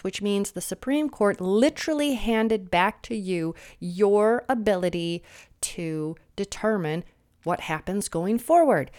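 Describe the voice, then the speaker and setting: A woman in her thirties, a little sniffly, lectures her listeners in a sarcastic, mocking political commentary monologue, mimicking her opponents in shrill voices.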